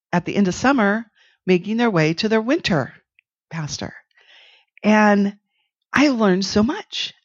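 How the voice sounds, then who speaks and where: A man's voice: sits high, no room sound. A man preaching a sermon in a conversational storytelling way, often breaking off and restarting mid-sentence. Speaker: pastor. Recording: dull lo-fi dry sound.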